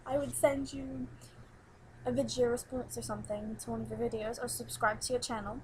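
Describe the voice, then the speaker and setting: A woman's voice: fairly high pitch, flat delivery, brisk, a little mellow, a little hiss or hum, low-quality recording. Giggly rambling teen girl. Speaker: new vlogger. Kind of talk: casual webcam chat.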